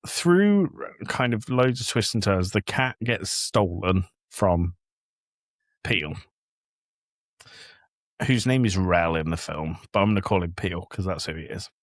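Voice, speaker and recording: A man's voice: low-pitched, measured pace, pauses often, no echo, clean studio sound. A man from England, a podcast host with a young child, telling stories in casual chat and acting out the quotes. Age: adult with a young child. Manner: animated storyteller, acts out quotes.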